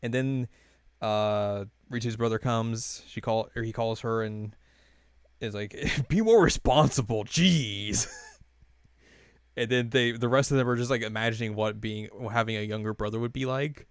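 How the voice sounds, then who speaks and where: A man's voice: lowish voice, little pitch movement, moderate pace, clear, resonant tone, dry recording, studio quality. A young man co-hosting a podcast, casually recapping an anime episode with lots of fillers and chuckles. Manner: rambling, many fillers, laughs while retelling scenes.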